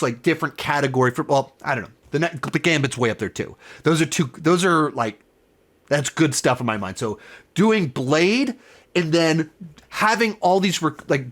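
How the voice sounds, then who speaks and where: Man, fairly high voice, casual review host, enthusiastic, rambling, self-correcting. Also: a bit bright. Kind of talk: casual spoiler review talk.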